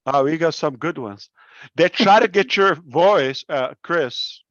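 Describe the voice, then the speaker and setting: A man with a delivery speaks slowly and earnestly on a live stream. His words come measured and deliberate, like a founder addressing his members. The audio is dry and dull, as from a close but muffled mic. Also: on the high side, animated, fairly bright tone, dry recording. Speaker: company founder presenting to members.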